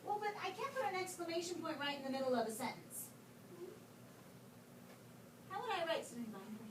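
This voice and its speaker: High-voiced woman teacher, roomy classroom. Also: very animated. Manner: coaxing, questioning children, reading words aloud slowly. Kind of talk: classroom writing lesson. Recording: roomy, distant, noisy classroom.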